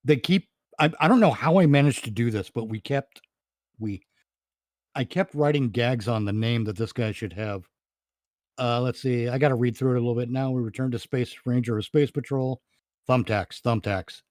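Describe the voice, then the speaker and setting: A man's voice: medium pitch, moderate pace, darkish tone, dry recording, studio quality. A man casually chatting on a podcast, rambling and laughing at his own jokes. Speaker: podcast host and comedy writer. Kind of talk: casual chat.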